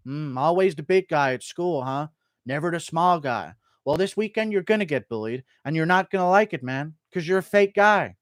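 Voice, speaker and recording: Man doing a trash-talking fighter, mocking and needling, big swings in pitch. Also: expressive, moderate pace, no room sound, studio quality, close to an everyday voice. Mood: taunting. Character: cocky taunting male fighter, trash-talking an opponent. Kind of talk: impression.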